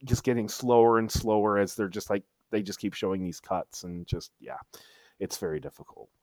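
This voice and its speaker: A man's voice: fairly low pitch, moderate pace, a little mellow, no echo. Rambling man, dry close mic. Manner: rambling, stumbling restarts, emphatic storytelling. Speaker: podcast co-host. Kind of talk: casual chat.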